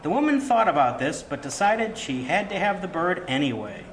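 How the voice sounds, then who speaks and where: A man's voice: high-pitched, very animated, normal speed, rough recording. Agreeable man co-host. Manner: agreeable, brief remarks. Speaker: podcast co-host and narrator. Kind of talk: casual chat.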